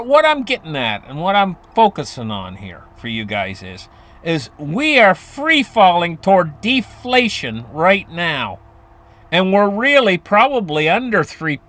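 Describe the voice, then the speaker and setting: A man with a high, lively voice that leaps up and down as he explains money matters straight to his viewers. He rambles, doubles back on his sentences and chuckles now and then. It sounds casual and unscripted. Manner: animated, rambling with restarts and chuckles. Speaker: finance commentator.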